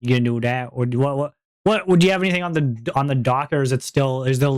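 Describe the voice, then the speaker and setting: A man streaming and chatting casually, rambling and breaking into high-pitched giggles. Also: brisk, few pauses, no room sound, studio quality. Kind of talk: casual chat.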